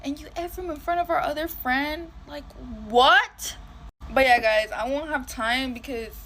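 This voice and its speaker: A woman's voice: high voice, measured pace, bright, forceful tone, slight background noise. A woman telling a dramatic storytime while getting ready, full of slang and swearing.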